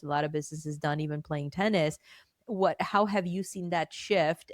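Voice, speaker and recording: A woman hosting a business podcast speaks in a fairly low voice for a woman. She is enthusiastic and strings together long questions with several parts. The recording is close and dry. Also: dry recording. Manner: enthusiastic, asks long multi-part questions. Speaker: podcast host. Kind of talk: interview hosting.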